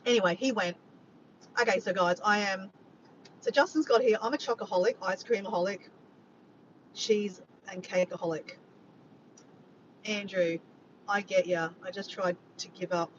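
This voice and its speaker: Reading viewers' chat messages aloud, an Australian woman jokes and chats while hosting a relaxed livestream. She speaks at a moderate pace with long pauses, and the recording is dull and lo-fi with a slight rumble.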